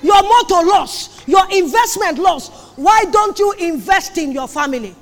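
High-voiced woman preaching in a hall. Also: lively intonation, measured pace, slight background noise. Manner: emphatic, repeats phrases, sudden shouts. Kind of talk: sermon on marriage. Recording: long hall reverb.

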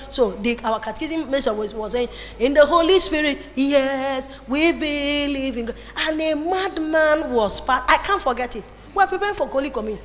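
Nigerian woman pastor preaching, high voice, big echoey hall, animated and chatty. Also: normal speed, few pauses, faint music behind. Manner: animated, mixes in Pidgin and Igbo phrases. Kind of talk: sermon. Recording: long reverb in a hall.

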